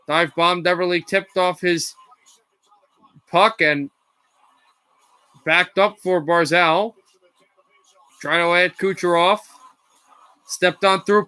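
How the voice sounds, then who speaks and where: A man doing amateur live play-by-play commentary, calling the action quickly with slips and self-corrections and rising to shouts on big plays. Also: high voice. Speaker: play-by-play streamer.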